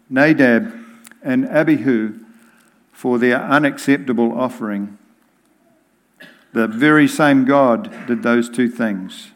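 Slow, deliberate male preacher. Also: mid-range voice. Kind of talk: sermon.

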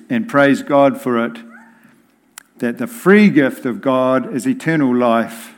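A man preaching a sermon in a deliberate, emphatic way. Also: mid-range voice.

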